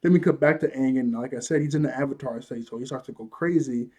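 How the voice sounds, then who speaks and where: Husky man recapping with laughs. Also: medium pitch, fast. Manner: animated retelling, acts out quotes, laughs often. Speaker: show reviewer. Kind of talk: casual episode recap.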